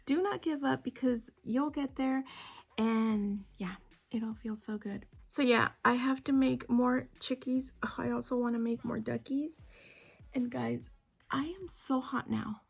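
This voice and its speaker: A woman's voice: on the high side, a little slow, creaky, breathy edge. A woman chatting casually in a crochet vlog, rambling and often dropping to a whisper. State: unwell with a migraine. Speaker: crochet vlogger. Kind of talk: casual chat. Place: home.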